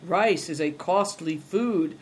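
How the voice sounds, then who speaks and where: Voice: mid-range voice, slow, slightly rough. A reader voicing a sly, complaining male servant who drawls plaintively in an audiobook. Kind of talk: audiobook character reading.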